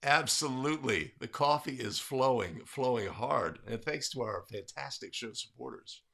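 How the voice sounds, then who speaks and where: A man's voice: medium pitch, lively intonation, normal speed, creaky, sharp tone. A man hosting a livestream in casual chat, upbeat and greeting viewers by name. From California. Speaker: livestream host.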